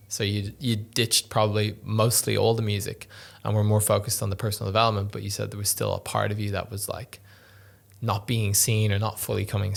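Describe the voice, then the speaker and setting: A man's voice: lowish voice, gravelly. A man hosting a podcast interview, affirming and supportive in a casual conversational way. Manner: affirming, frequent "yeah". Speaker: podcast host.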